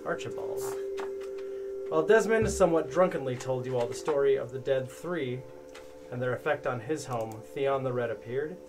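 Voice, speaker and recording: A man's voice: medium pitch, normal speed, music in the background. A man running a tabletop game, narrating a rambling recap with self-corrections. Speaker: game master.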